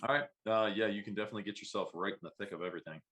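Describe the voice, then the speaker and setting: A man's voice: lowish voice, racing, fairly bright tone, breathy edge. A man running a live tabletop game as game master, narrating with many hesitations. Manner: hesitant, full of ums while narrating.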